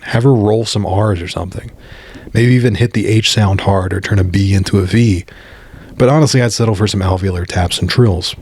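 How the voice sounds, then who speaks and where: American male commentator, low husky voice, blunt and opinionated, swears freely. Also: brisk, darkish tone, no room sound. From United States. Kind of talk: scripted commentary monologue.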